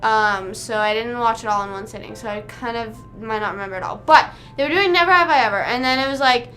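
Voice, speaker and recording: A woman's voice: fairly high pitch, quick pace, pushed and bright, faint music behind. A young woman livestreaming, rambling casually with lots of "like" fillers as she chats to her viewers. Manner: rambling, chatty, full of "like" fillers.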